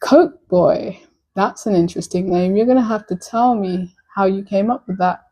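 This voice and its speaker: A woman's voice: medium pitch, normal speed, warm tone, poor audio. A woman from Nigeria chatting playfully and flirtatiously with viewers on a casual live stream.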